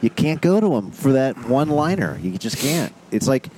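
A man's voice: medium pitch, very animated, normal speed, background noise. A man in his fifties co-hosting a podcast, often stammering and restarting his sentences in casual chat. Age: 50s. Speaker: podcast co-host.

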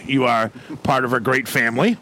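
A man's voice: medium pitch, steady tone, pushed and bright, a little hiss or hum. A man hosting a casual chat, joking and crude, teasing his guest. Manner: joking, crude, quick to tease. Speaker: host.

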